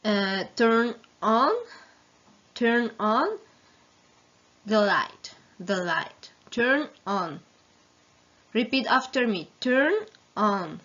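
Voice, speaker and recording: A female English teacher drills vocabulary slowly and patiently, repeating each word and giving Spanish translations. Her voice is a little high and fairly bright, in a slightly dull lo-fi recording.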